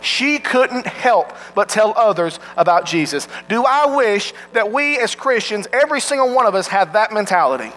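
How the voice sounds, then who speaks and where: A man's voice: high voice, a bit bright, slight background noise, rough recording. A man preaching a sermon in an earnest way, asking his listeners direct questions.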